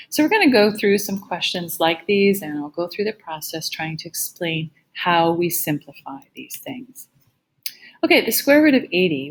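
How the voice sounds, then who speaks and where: A woman math teacher giving a recorded lecture with a slightly gravelly voice, explaining each step patiently. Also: fairly low pitch, low-quality recording.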